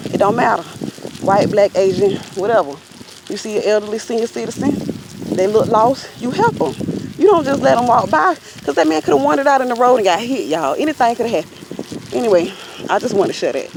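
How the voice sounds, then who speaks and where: Out on a walk, a woman vlogger tells a story in a casual, chatty way, talking straight to her viewers. Her voice is on the high side, and the background is noisy.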